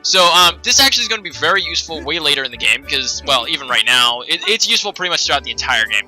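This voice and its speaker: A man hosts a let's play, rambling through video game commentary with plenty of ums and asides. His voice is bright and animated, with game music faint behind him. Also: fairly high pitch, quick pace, few pauses, rough recording. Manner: rambling, many fillers.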